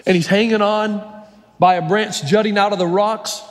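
A man's voice: high voice, fairly even intonation, normal speed. A male pastor preaching a sermon, storytelling and emphatic, with long hall reverb. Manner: storytelling, emphatic, varies his pace.

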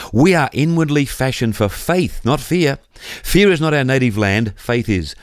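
A man giving an earnest, calm devotional talk on radio. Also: fairly low pitch, smooth, no room sound, studio quality. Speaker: radio presenter.

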